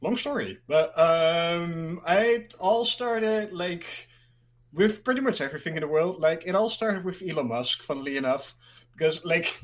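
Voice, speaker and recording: Chatty man, slightly high voice. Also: lively intonation, normal speed. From Netherlands. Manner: rambling, fills speech with "like", laughs easily. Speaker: guest. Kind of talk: casual interview chat.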